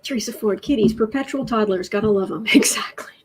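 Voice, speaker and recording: Casual American woman host, slightly raised pitch, breathy edge, exasperated reactions to headlines. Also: quick pace. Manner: exasperated, reads headlines aloud, coos to her cat. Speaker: livestream host. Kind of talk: casual political livestream chat.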